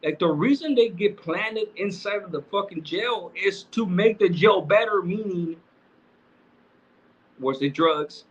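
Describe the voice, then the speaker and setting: This middle-aged livestream host has a high, husky voice and talks a little slowly. He keeps it casual with streetwise slang and frequent cursing, over dull, lo-fi stream audio.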